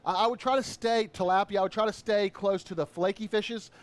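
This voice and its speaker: Male chef, upbeat and chatty, high-pitched, cooking demo host. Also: steady tone, fairly quick. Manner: upbeat, chatty, lots of shout-outs.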